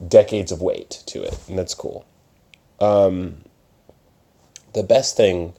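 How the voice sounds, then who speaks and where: A young man with a low, mellow voice rambles in casual solo talk from an upstairs room in his parents' house at night. He hosts a podcast and organizes open mics, and he keeps distracting himself and slipping into mock voices.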